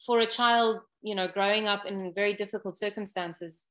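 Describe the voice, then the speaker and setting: A woman's voice: mid-range voice, fairly even intonation, moderate pace, fairly bright tone. A woman, a guest on an interview, earnestly explaining an ocean education program step by step.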